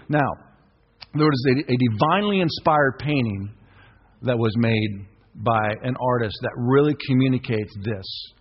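Husky-voiced pastor preaching in a church. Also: male voice, mid-range voice, measured pace. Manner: exhorting, call-and-response with congregation. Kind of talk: sermon. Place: church sanctuary. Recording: dull reverberant church recording.

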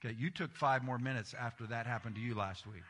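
A man's voice: medium pitch, fast talker, fairly bright tone, slight background noise. A middle-aged man preaching a sermon as pastor, telling stories animatedly and acting out the voices he quotes. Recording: long reverb of a large hall.

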